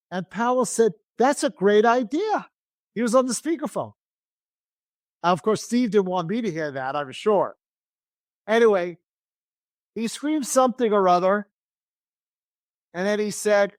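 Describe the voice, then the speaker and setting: A man telling an animated story as an interview guest, acting out the voices of people he quotes. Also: sits high, a little slow, long pauses, no echo.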